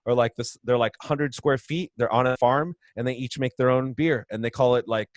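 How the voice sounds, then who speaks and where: A man talks through a long, chatty explanation as a podcast guest, laughing along the way. His voice sits at a middling pitch. The sound is dry and close, carried over a video call. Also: steady tone, moderate pace, no room sound. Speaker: brewery co-founder guest. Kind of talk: casual podcast interview.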